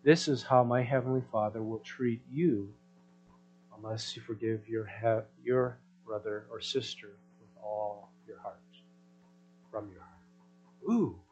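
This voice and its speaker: A man preaching a sermon in a conversational way, checking in with the congregation through rhetorical questions and swinging between loud emphasis and soft asides. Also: fairly low pitch, fairly even intonation, unhurried, highs cut off, faint music behind. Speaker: pastor.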